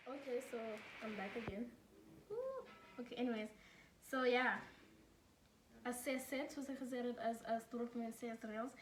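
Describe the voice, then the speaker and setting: A woman's voice: fairly high pitch, a little hiss or hum. Chatty young South African woman tutor. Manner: chatty, laughs, swears casually, mixes English with Afrikaans. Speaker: student tutor. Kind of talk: casual study-tips video. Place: home room during load shedding. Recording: echoey room, mic at a distance.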